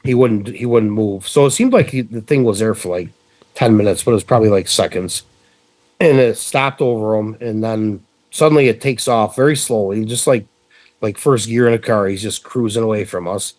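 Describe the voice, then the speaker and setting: A middle-aged man from central New York, telling a story as a podcast guest in a casual, animated way with frequent swearing. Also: on the low side, normal speed, no room sound.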